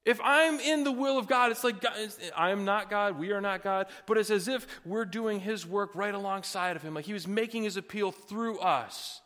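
A man's voice: sits high, moderate pace, few pauses, bright, forceful tone, long reverb tail. A man pastor delivering a sermon with folksy asides, building to emphatic, rising passages.

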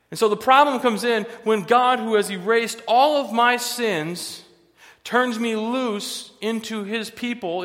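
Higher-voiced man preaching in a reverberant hall. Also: fairly bright tone. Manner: conversational with joking asides. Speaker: pastor. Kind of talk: sermon.

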